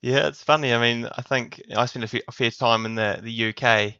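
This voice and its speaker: A man's voice: medium pitch, fairly even intonation, fairly quick, pushed and bright, clean tone, no room sound. A man in his thirties with a New Zealand accent, a guest chatting in a friendly way and laughing easily. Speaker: podcast guest. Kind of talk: casual interview chat. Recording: dull, dry lo-fi sound.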